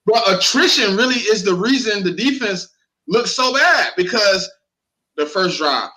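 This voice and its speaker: A man breaks down football in casual sports talk. His voice is bright and forceful and sits a little high. He is animated and profane, and he doubles back on his words when he gets going. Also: unhurried, rough recording. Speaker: co-host.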